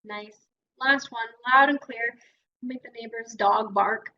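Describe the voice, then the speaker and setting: A woman's voice: fairly high pitch, slow, dull audio, slight background noise. A Canadian woman speech-language pathologist leading a guided voice exercise class in an encouraging way. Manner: encouraging, demonstrates vocal drills.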